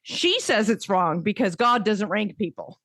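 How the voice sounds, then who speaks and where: A woman's voice: medium pitch, animated, a little slow, a bit bright, no echo. A woman co-hosting a podcast in casual chat, rambling with frequent restarts and laughs. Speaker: podcast co-host.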